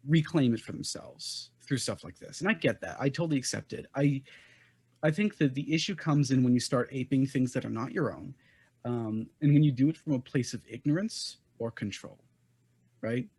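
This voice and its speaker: A man's voice: medium pitch, moderate pace, a little mellow, husky, no room sound. A man on a podcast panel, speaking candidly and personally with wry asides. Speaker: panel guest. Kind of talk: casual panel discussion.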